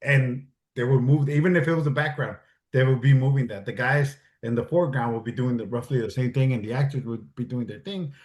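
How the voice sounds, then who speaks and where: Guy telling stories all animated, acts out the dialogue, echoey room. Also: mid-range voice, a little fast. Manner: animated, acts out quoted dialogue, swears freely. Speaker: guest, military advisor and stuntman. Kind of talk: casual storytelling chat. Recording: roomy echo.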